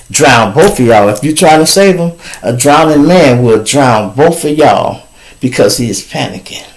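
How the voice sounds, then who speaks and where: A man hosts his own show, telling a story straight to his viewers in slow, drawn-out phrases. His voice sits a little high for a man. He is animated and profane, breaking into laughter as he goes. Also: low-quality recording. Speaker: show host.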